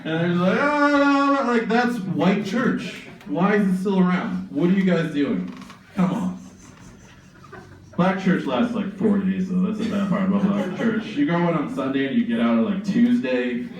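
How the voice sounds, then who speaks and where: A man's voice: medium pitch, expressive, normal speed, a little mellow, a little hiss or hum. Sardonic young man on a distant echoey mic. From suburban Massachusetts. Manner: sardonic, profane, rambling riffs. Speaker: stand-up comedian. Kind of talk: stand-up comedy set. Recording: very echoey room, distant mic, faint ambience.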